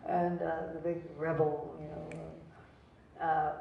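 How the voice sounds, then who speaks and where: Her voice is deep and creaky, with little pitch movement and a slow pace. An older actress at a cinema venue, she tells chatty, digressive anecdotes to the audience, laughing at her own jokes, in a distant, roomy lo-fi recording with slight background noise.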